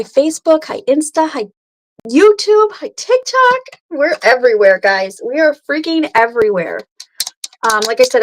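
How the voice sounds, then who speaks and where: Woman in her thirties, makeup livestream host, slightly high voice, chatty, greets viewers by name. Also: a little hiss or hum, rough recording. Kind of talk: casual livestream chat and makeup tutorial. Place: home at night.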